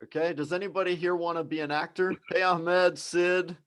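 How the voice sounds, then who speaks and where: A man's voice: high-pitched, level tone, moderate pace, fairly bright tone, smooth, poor audio. A man hosting a live online English class, explaining things in an encouraging, conversational way.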